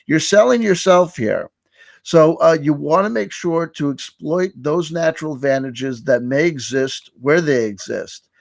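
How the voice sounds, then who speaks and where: A man's voice: a little high, unhurried, vocal fry, dry recording, studio quality. Sarcastic man giving a mock lecture. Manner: mock-earnest, sarcastic, repeats words. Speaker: host running a mock workshop. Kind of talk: sardonic mock-lecture on a live stream.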